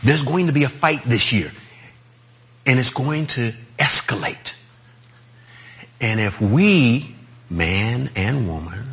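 A man's voice: medium pitch, slightly rough. A man preaching a sermon in a loose, conversational way, with chuckles as he talks.

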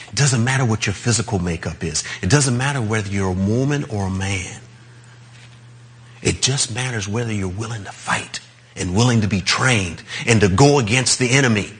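A man's voice: medium pitch, a bit bright, husky. A man preaching a sermon in a loose, conversational way, with chuckles as he talks.

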